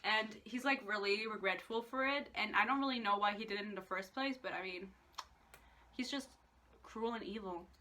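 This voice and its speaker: A woman's voice: medium pitch, normal speed, pushed and bright. A woman in a casual book rant, exasperated, swearing often and laughing between points. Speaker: book reviewer.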